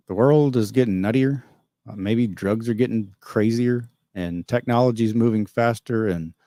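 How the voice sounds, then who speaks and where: A man hosts a casual livestream, reading out viewer comments and answering them in a loose, rambling, opinionated way. His voice sits low and sounds dark and mellow. The sound is dry and close, with no room around it. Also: no room sound. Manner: rambling, opinionated, chuckles often. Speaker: livestream host reading chat.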